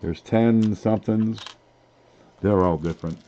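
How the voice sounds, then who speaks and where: A man's voice: lowish voice, measured pace, warm tone, dull audio, slight background noise. A man hosting a casual live-stream giveaway, talking in a folksy, rambling way as he reads off items one by one. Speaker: livestream giveaway host.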